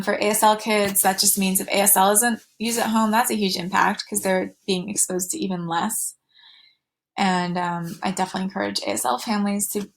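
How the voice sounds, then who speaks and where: A woman's voice: medium pitch, creaky. A woman teaching a recorded slide lecture, with fillers and restarts, going sing-song when she models talk to children.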